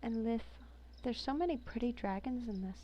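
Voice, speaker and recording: Woman, higher-pitched voice, casual commentary, amused, chatty, reads entries aloud. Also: normal speed, dark tone, slight background noise. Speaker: game reviewer. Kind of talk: casual commentary while browsing.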